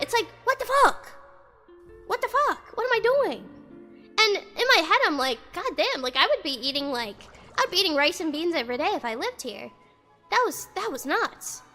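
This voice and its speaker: A woman's voice: very high voice, bright, forceful tone. A young woman ranting casually in a vlog, rambling with lots of "like" and swearing freely, with faint music in the background. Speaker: vlogger. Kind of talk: casual storytime rant. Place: indoors, outside noise audible.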